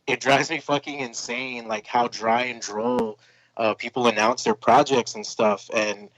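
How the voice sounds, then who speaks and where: A man's voice: mid-range voice, steady tone, measured pace, a bit bright, dry recording, low-quality recording. A man talking casually as a podcast guest and comic creator, laid-back and rambling with lots of filler words. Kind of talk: casual chat.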